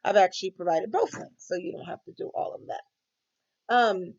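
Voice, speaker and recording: A woman's voice: medium pitch, normal speed, a little mellow, muffled recording. A woman student recording a class reflection, talking hesitantly with many ums.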